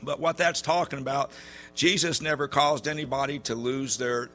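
A man preaching a sermon in a church, telling stories in a folksy way with many halting fillers. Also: mid-range voice, steady tone, fairly bright tone, faint music behind.

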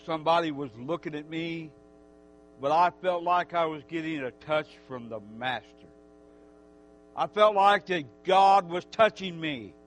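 High-pitched guy preaching slow and emotional, loud then hushed, a bit of hum behind. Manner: heartfelt, emotional, slow and repetitive, swings between loud and hushed. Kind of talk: sermon testimony.

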